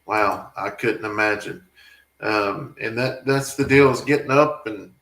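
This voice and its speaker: A man's voice: on the low side, a little slow, a bit bright. Farm vlogger, man, emotional and rambling, reading viewer chat in an echoey room. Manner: rambling, emotional, talks back to viewer comments. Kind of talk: casual live-stream chat.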